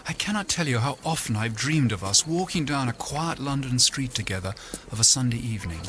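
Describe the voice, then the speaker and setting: A man's voice: mid-range voice, expressive, fairly quick, a bit bright, slight background noise, close to an everyday voice. A man playing a tender young suitor. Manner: tender, heartfelt. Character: earnest young man courting his sweetheart. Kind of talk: vintage radio drama acting.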